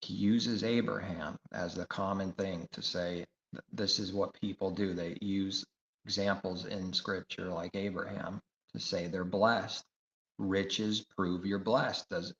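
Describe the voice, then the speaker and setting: A man's voice: low-pitched, steady tone, slow, a bit bright. A man preaching a sermon, emphatic and repetitive, firing rhetorical questions. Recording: echoey room, dull lo-fi sound.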